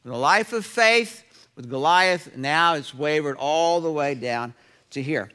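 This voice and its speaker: Animated, bright-voiced male preacher. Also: on the high side, measured pace, smooth. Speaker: pastor. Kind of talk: sermon. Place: church sanctuary.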